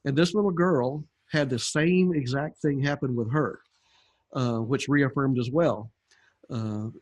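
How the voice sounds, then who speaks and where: A man's voice: medium pitch, unhurried. An older man, a podcast guest, telling his story in a rambling, conversational way with many fillers. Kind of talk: conversational testimony.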